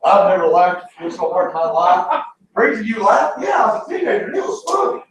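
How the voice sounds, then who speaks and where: Southern pastor in his 30s telling funny stories from the pulpit, high voice, big echoey church. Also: fairly quick, distant mic, a faint crowd. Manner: folksy, animated, shouting bursts. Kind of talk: sermon with humorous storytelling. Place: large church sanctuary. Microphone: distant from the mic.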